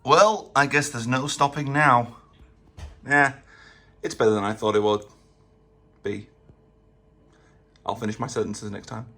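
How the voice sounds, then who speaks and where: A man talks his way through a casual gaming vlog with a hoarse, gravelly voice. His delivery is rambling and hesitant, full of fillers and restarts, with a rough, husky edge that shows up in the low crackle of his tone. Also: steady tone, unhurried, pauses often, sharp tone. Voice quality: raspy, gravelly. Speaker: vlogger.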